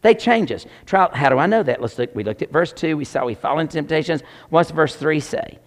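A man preaching, his voice sitting a little high. He is animated and talks straight to the people in front of him, mixing warnings with jokes. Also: a little fast. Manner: animated, joking, talks to the congregation directly. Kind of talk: sermon.

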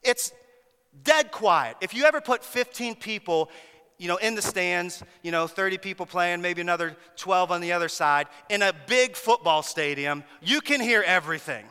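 Bright-voiced preacher in an echoey hall. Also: male voice, high voice, moderate pace, smooth. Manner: animated storytelling, repeats words for emphasis. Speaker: pastor. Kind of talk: sermon.

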